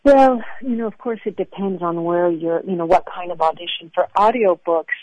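A woman's voice: lowish voice, dry recording, phone-quality sound. A woman from France, a voice actress guest, talking casually in an interview with many fillers and restarts. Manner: chatty, frequent fillers and restarts.

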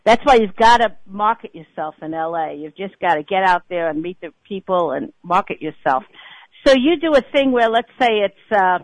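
A woman's voice: medium pitch, animated, normal speed, dry recording, rough recording. A woman hosting a radio talk show leans in with eager questions. Her voice is dry and close to the mic. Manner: curious, asks eager questions. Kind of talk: casual interview chat.

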